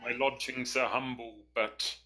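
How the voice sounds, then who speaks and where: A man's voice: medium pitch, little pitch movement, a little slow, bright, forceful tone, poor audio. A man doing a quavering old elf scholar. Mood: urgent. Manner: quavering, formal old-fashioned speech.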